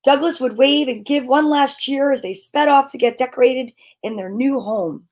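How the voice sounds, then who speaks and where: A woman reading a picture book aloud to children, expressive and often dropping to a hush. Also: sits high, moderate pace. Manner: expressive, dropping to hushed near-whispers. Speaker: storyteller.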